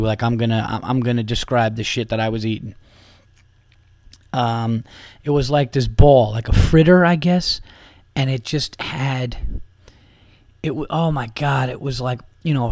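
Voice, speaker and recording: A man's voice: medium pitch, a little mellow, no room sound, clean studio sound. A man hosting a podcast, telling a long casual story in a rambling, profane way, full of fillers and restarts. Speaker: podcast host.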